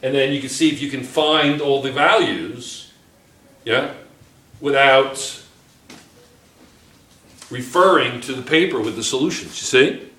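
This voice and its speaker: A man's voice: mid-range voice, a little slow, pauses often, bright, forceful tone. A male chemistry teacher lecturing a class, chatty and joking, checking in with his students all the time. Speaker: high school chemistry teacher. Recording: echoey classroom.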